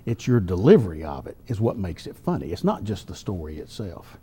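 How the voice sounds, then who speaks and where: An older man spins folksy stories for an interviewer, his voice low, husky and mellow. His pitch rolls up and down as he leans into a punchline. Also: sing-song. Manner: folksy, drawn-out storytelling with chuckles. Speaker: newspaper columnist and humorist. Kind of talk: storytelling interview answers.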